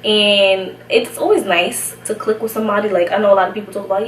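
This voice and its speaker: A woman's voice: medium pitch, fairly quick, hardly any pauses. Chatty young woman in an echoey room. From Brooklyn, New York. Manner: chatty, slangy, laughs often. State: out of breath. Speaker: vlogger. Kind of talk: casual storytime. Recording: echoey room, somewhat far from mic, faint hiss.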